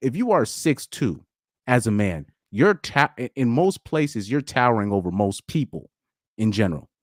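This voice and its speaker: A man hosting a casual live stream chat, talking in an animated, rambling way, with frequent laughs and repeated words. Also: medium pitch, normal speed, no room sound, studio quality. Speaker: podcast host.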